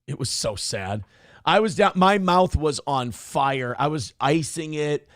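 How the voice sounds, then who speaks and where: A man's voice: a little high, lively intonation, unhurried, fairly bright tone, no room sound, clean studio sound. A man hosting a livestream show, reading chat messages aloud and ranting bluntly with lots of profanity. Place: home studio.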